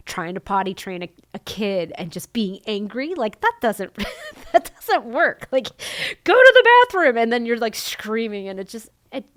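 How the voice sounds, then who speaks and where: A middle-aged woman telling her own story as a podcast guest, halting and soft-spoken, often trailing off and restarting. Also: mid-range voice, dry recording, clean studio sound. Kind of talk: candid personal storytelling.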